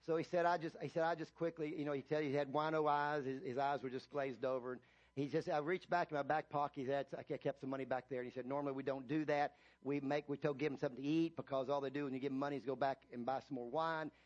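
A man, a pastor, preaching a sermon, retelling a story with many restarts and building to loud emphatic reading of scripture. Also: mid-range voice, fairly even intonation, fast, dull audio. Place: church.

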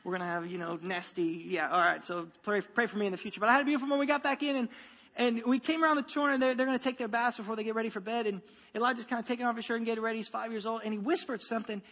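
Pastor man, thirties, high bright voice, chatty sermon delivery with lots of "right?", reverberant church hall. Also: steady tone, racing. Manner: conversational, repeats "right?" and restarts.

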